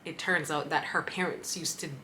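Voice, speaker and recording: Young woman vlogging, bright voice, a bit low, laughs and goes off on tangents, faint room hum. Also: normal speed. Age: young adult. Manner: animated and laughing, digresses and backtracks. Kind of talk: personal storytelling to camera.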